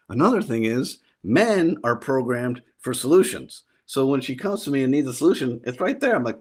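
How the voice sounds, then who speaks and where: A middle-aged man talking as a guest on a podcast, lively and quick to jump up in pitch when he tells a story. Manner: animated, jumps up in pitch when telling stories. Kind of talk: casual interview chat.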